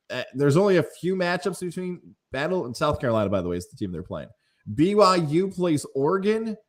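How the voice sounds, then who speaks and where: A male podcast co-host talking sports in a chatty, upbeat way. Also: on the high side. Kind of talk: casual sports chat with ad reads.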